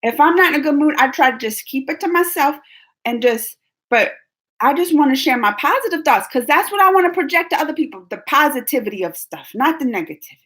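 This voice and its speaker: A woman's voice: high-pitched, fast talker. A young adult woman hosting her channel, answering viewer questions in a casual, talkative way and laughing often. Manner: animated and talkative, laughs often, restarts sentences. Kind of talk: casual livestream chat.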